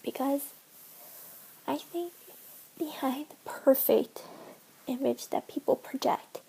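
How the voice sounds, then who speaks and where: A woman in her twenties vlogging to camera in an earnest, emotional way, speaking haltingly and often dropping to a whisper. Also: high-pitched, steady tone, vocal fry, dark tone, rough recording. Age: 20s. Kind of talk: personal vlog, talking to camera.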